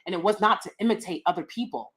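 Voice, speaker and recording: A woman's voice: lowish voice, quick pace, fairly bright tone. A woman, hosting a casual opinionated livestream, blunt and sassy, laughing often. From United States. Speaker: livestream host reading chat.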